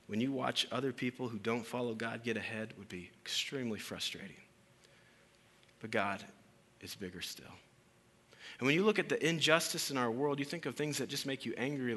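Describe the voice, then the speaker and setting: Animated male preacher in a reverberant hall. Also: moderate pace. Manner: conversational and animated, swinging from loud emphasis to hushed lows. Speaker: pastor. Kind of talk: sermon. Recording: hall reverb with faint room ambience.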